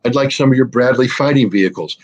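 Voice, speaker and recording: A man's voice: mid-range voice, fast talker, lo-fi sound, lightly acted. A man mimicking a wheedling president begging for arms. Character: pleading wartime president, middle-aged man.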